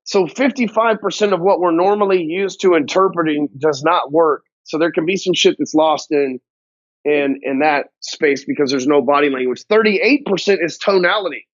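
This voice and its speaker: A man with a fairly high voice gives a blunt, swear-filled motivational business talk straight to camera. The sound is dull and lo-fi, with a dry, close feel and no room echo. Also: normal speed. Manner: blunt, heavy swearing, slangy grammar. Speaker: business coach.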